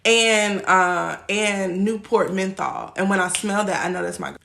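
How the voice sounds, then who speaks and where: A woman's voice: mid-range voice, a little slow, vocal fry, fairly bright tone. A woman in her twenties teaching on a livestream in a loose, slangy chat, laughing often and acting out quoted voices. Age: 20s.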